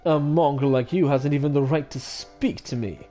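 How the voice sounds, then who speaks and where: A man voicing a haughty aristocratic young male dove, speaking slowly and coldly. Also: a little high, warm tone, soft background music, lightly acted. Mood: disdainful. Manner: slow, cold, disdainful.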